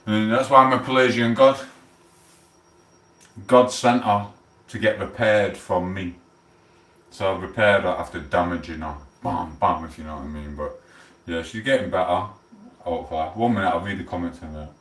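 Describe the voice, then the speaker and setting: A man's voice: low voice, moderate pace, pauses often, roomy sound, far from the mic. Rambling Sheffield man live-streaming. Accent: Sheffield, South Yorkshire. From England. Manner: rambling, swearing, loud outbursts. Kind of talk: casual live-stream chat.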